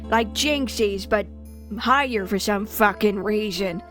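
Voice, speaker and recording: A woman's voice: mid-range voice, slow pace, fairly bright tone, faint music behind. A woman streamer chatting casually while she plays, rambling through asides and restarts. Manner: rambling, self-interrupting asides. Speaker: game streamer. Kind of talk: casual game commentary.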